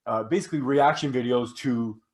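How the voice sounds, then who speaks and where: A man's voice: mid-range voice, brisk. A man co-hosting a podcast, casual upbeat chat that rambles and corrects itself midway. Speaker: podcast co-host.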